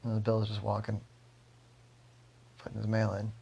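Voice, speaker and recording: A man with a gravelly voice telling a story casually, rambling with fillers. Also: lowish voice, completely flat delivery, normal speed, a little mellow, lo-fi sound.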